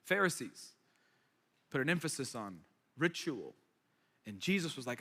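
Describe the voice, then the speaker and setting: A man's voice: mid-range voice, very animated, measured pace, pauses often, sharp tone. A man preaching a sermon as a pastor, conversational and emphatic with playful asides. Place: church hall. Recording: reverberant hall.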